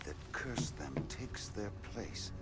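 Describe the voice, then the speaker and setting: An actor playing a weary older sorcerer father in an animated series, speaking gravely and earnestly over faint music. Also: low-pitched, takes it slowly. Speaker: cartoon character. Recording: music faintly under the dialogue.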